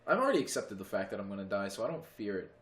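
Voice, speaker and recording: Recorded with a roomy sound in a friend's home, a podcast co-host chats casually in a fairly low but slightly bright voice, very animated and rapid-fire. He rambles, fills his talk with "like," and curses a lot.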